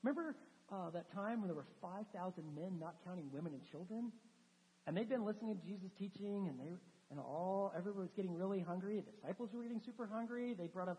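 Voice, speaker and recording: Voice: medium pitch, fast talker, mellow. A preacher giving a sermon, telling stories with animation and acting out quoted dialogue. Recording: dull sound with long hall reverb.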